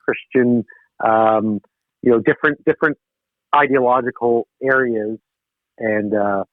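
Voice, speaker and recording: A middle-aged man from Canada, a guest on a podcast interview, talking in a rambling, animated way with many restarts. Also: medium pitch, unhurried, no echo. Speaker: guest, political missionary. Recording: tinny phone line, dry.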